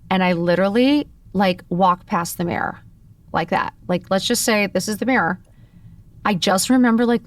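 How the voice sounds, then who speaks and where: A woman's voice: medium pitch, no room sound, distant mic. A woman in her fifties hosting a podcast, telling a personal story candidly and expressively, full of "like" fillers and the odd curse. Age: 50s. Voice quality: expressive, with lots of "like" fillers and profanity. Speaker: podcast host.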